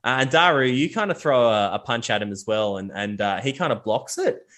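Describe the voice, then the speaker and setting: A man's voice: medium pitch, lively intonation, brisk, a bit bright. A man narrating a tabletop game as game master, casual and full of fillers and restarts.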